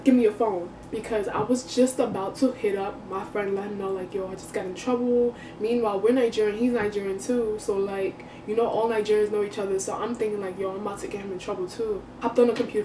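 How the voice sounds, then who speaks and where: A young woman telling a casual storytime, slangy and animated, acting out her own reactions. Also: mid-range voice, background noise. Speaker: vlogger. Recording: echoey room, far from the mic.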